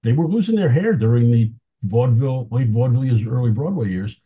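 A man's voice: medium pitch, animated, quick pace, husky, narrow, tinny audio. A man talking casually as an interview guest, telling anecdotes with enthusiasm and chuckling now and then. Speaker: film historian guest.

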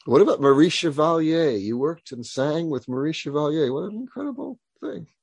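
Husky-voiced male interviewer. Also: on the high side, animated, brisk, a little mellow, no room sound, studio quality. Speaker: interviewer, host.

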